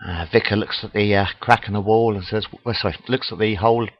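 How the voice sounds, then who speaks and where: A man's voice: fairly low pitch, steady tone, quick pace. A man telling crude jokes in a rambling, casual monologue into a webcam, full of "uh" fillers. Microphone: webcam mic. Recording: dull lo-fi webcam audio.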